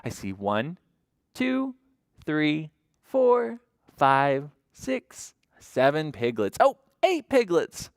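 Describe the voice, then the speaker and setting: A woman's voice: low voice, sing-song, very slow, no echo, clean studio sound. A woman librarian reading a picture book at toddler story time in a sing-song, coaxing voice, often asking the children questions.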